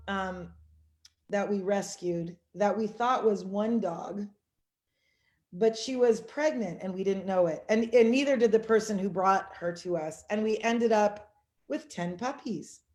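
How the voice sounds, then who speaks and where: A woman guest in a casual interview, talking in a warm, friendly way and agreeing quickly. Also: mid-range voice, roomy sound.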